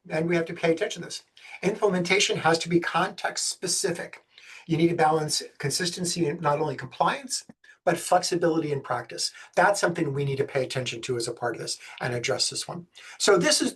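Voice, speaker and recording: A man from the States, giving a webinar presentation on special education law in a fast, energetic way with jokey asides. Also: fairly high pitch, husky. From Southern United States.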